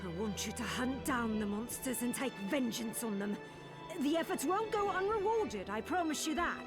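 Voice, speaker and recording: An actress voicing a bitter, pleading village widow in a game. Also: female voice, fairly high pitch, animated, moderate pace, over music, close to an everyday voice. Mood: vengeful. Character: vengeful grieving village widow.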